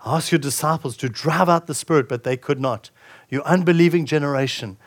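A man preaches a sermon to his congregation. He reads scripture aloud and then comments on it, often restarting his sentences. His speaking voice sits slightly high for a man. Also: brisk. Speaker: pastor.

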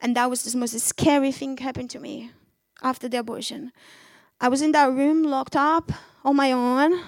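Brief: woman, high voice, dry close sound, fervent testimony preaching, non-native English phrasing. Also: steady tone, moderate pace, dry recording. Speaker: speaker giving her testimony. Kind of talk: testimony preaching to a young audience.

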